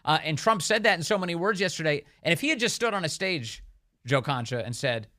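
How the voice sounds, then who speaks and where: A man hosting a talk radio show, with a bright, forceful edge to his fairly high voice. He speaks emphatically, punching his points and slipping into mocking quoted voices. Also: lively intonation, a little fast.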